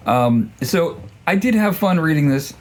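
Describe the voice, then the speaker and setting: A man's voice: fairly high pitch, lively intonation, a little slow, darkish tone, slight background noise. Male book reviewer, casual and rambling, lots of ums and restarts. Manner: rambling, self-deprecating, many fillers and restarts.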